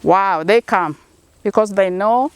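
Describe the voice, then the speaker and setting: A middle-aged woman from Kenya speaks with a Kenyan accent in an interview. She answers at a medium pitch and in a mid-range voice, earnest and encouraging, easing into little stories as she goes. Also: slow pace, smooth. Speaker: organic corn farmer, interviewee.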